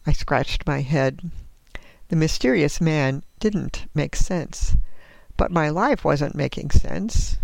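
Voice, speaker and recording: Slow, gravelly woman reading her story. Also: deep voice, darkish tone, dry recording. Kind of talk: first-person story narration.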